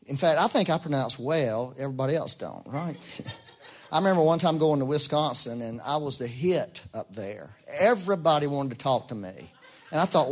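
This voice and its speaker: Man, middle-aged pastor, storytelling sermon, animated quotes. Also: medium pitch, normal speed. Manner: folksy, storytelling, animated quoting.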